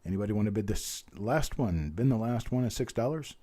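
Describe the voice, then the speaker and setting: A man hosting a live-streamed coin auction, calling bids quickly and chatting with viewers by name, his voice a little strained from talking. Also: on the low side, expressive, dark tone. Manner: rattles off bid calls fast, chats with viewers by name.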